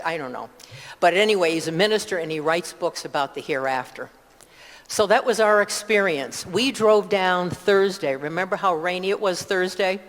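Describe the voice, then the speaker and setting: An older woman with an upstate New York accent tells her personal testimony in church. She rambles warmly from one family story to the next, with asides and little self-corrections. Her voice carries a long, lingering echo from the church hall. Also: low voice. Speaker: church member giving testimony.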